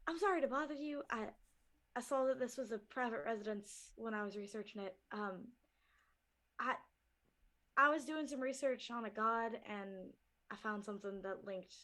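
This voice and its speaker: A woman voicing a shy, hesitant adventurer in a tabletop game, speaking softly and haltingly. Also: fairly high pitch, close to an everyday voice. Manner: hesitant, halting, soft-spoken.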